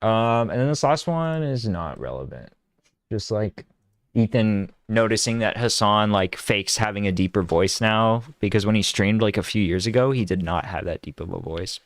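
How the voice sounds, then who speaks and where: A young man with a lowish voice chats casually on a commentary stream, rambling through fillers and false starts. The sound is dry and close, with no room around it. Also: animated, moderate pace, dry recording. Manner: rambling, filler-heavy, laughs while reading.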